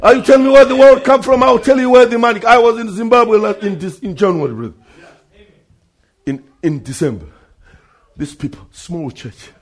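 Preacher guy, high husky voice, repeats stuff, goes quiet then shouts, keeps saying brother and sister. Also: normal speed. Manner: emphatic, repeats phrases, calls out to brother and sister; swings from low asides to loud shouting. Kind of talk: sermon.

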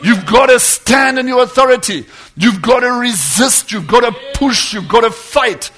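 A man preaching a sermon, fervent and building to loud exhortation. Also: extremely high pitch, animated, moderate pace, soft background music.

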